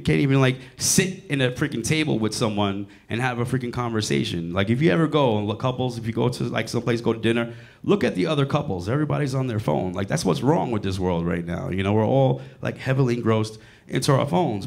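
Man, late forties, stand-up comedian, crude storytelling, teases the crowd, gravelly, very lively pitch. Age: 40s. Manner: crude, animated storytelling with audience banter. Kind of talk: stand-up set in a club. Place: comedy club with live audience.

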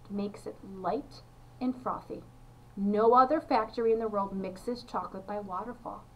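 A woman voicing an eccentric, excitable male candy maker who talks in an eager, showy, coaxing way while reading a children's storybook aloud. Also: mid-range voice, normal speed, recorded from a distance, lightly acted, poor audio. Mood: eager showman.

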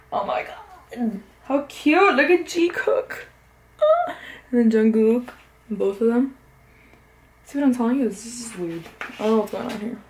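A young woman with a cold, sniffling, chatting casually and gushing with sudden squeals while unboxing an album. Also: medium pitch. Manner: excitable, gushing, often confused, with sudden squeals and gasps. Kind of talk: casual unboxing chat to camera. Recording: echoey room, faint background noise.

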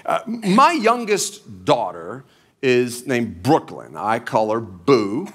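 A man's voice: medium pitch, sing-song, slow, a bit bright. A middle-aged man preaching a sermon from a church stage, with folksy, humorous storytelling. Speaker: pastor.

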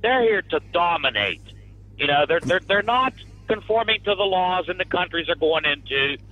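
A man's voice: sits high, very animated, moderate pace, no echo. A man calling in to a radio show, speaking bluntly and indignantly. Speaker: caller. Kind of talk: call-in opinion. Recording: dull phone line.

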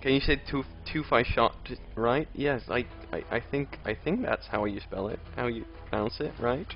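A young man talks his way through a live game stream, chatting to viewers and snapping at the enemies in exasperation. His voice sits at an ordinary middle pitch. The audio is dull and lo-fi, with faint game music underneath. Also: normal speed. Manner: chatty, reads out and answers chat, exasperated outbursts at enemies. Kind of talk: live gameplay commentary.

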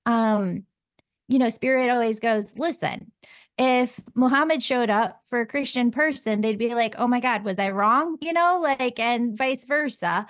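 A woman's voice: fairly high pitch, a little slow, no echo, studio quality. A woman hosting a casual interview as a medium, affirming her guest and asking open questions. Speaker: podcast host and medium.

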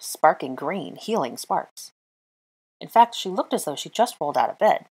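Woman narrator, storybook reading, measured and expressive; low husky voice. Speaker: fanfiction reader.

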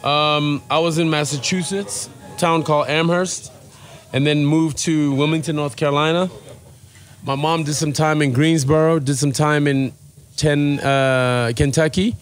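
Relaxed man with a mid-Atlantic accent. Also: fairly high pitch, a little slow. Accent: mid-Atlantic mix of American and South African. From born in South Africa, raised in the US. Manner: relaxed, rambling storyteller with many fillers. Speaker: podcast guest. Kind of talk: casual interview chat. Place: podcast studio.

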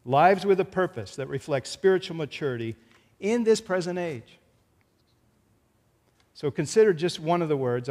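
Man preaching in an echoing church. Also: on the high side. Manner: earnest preaching, retelling a film scene with quoted lines. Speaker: pastor. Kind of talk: sermon. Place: church sanctuary. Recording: church hall reverb.

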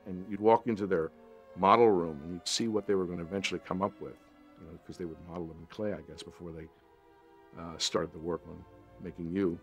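A man, an actor, recalling filming experiences in an interview in a husky voice. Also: sits low, steady tone, fast talker, faint music behind. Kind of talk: interview recollection.

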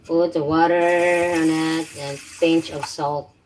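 Lady doing a chill cooking livestream, slow and kinda low, chatting up viewers, lots of little laughs. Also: little pitch movement, darkish tone, a little hiss or hum. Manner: playful, greets and thanks viewers by name, chuckles often. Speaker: livestream host. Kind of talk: casual live-stream chat while cooking.

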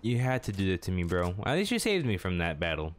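A man's voice: deep voice, huge pitch swings, fast talker, a little hiss or hum. A young man commentating his own video game match at home, self-mocking and talking to his opponents. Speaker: gaming channel host.

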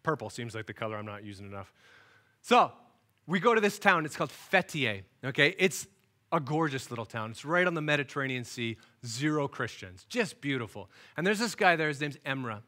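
A man's voice: mid-range voice, big pitch swings, a little fast, sharp tone. A man preaching a sermon in a storytelling way, acting out the people in his stories as he goes. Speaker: guest speaker. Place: church, recorded for online worship.

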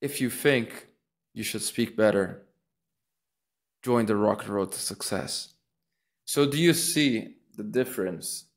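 A man's voice: lowish voice, slow, pauses often. A man teaching public speaking in a casual lesson, thinking aloud with restarts and acting out rising and falling intonation on sample phrases. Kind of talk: casual instructional talk.

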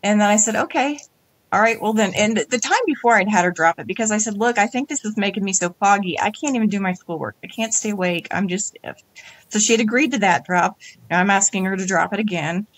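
Middle-aged woman guest, candid storyteller, animated quoting of others, dry close sound. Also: medium pitch, fast, dry recording. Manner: animated, acts out quoted dialogue. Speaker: interview guest.

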